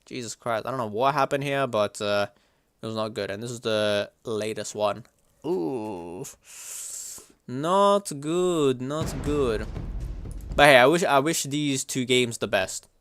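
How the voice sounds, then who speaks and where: A young man livestreaming, chatting casually and reacting to chat in a slangy, animated way. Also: medium pitch, a little slow, smooth, soft background music.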